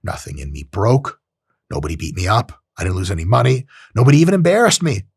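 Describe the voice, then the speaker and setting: Husky, animated man talking freely. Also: fast talker, no echo, studio quality. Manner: profane, animated, acts out voices in high-pitched bits. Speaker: podcast host. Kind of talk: casual monologue.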